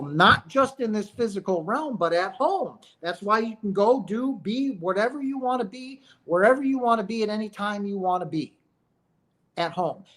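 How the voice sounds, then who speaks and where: Emphatic, preachy man streaming a monologue. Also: high voice. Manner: emphatic and preachy, full of rhetorical questions; says "right?" and "guys" often. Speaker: streamer talking about near-death experiences. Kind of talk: spiritual livestream monologue.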